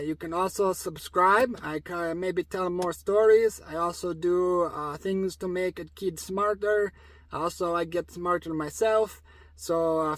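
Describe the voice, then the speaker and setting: A high-voiced man tells a story in a rambling comic persona with broken English. His delivery is playful and loose. The sound is dry and close. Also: no echo.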